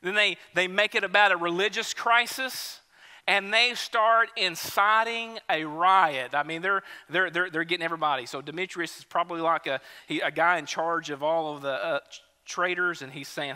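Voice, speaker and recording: Male pastor, conversational sermon, very bright tone, church reverb. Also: a little high, normal speed, clear, resonant tone. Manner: conversational preaching, lively storytelling. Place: church sanctuary.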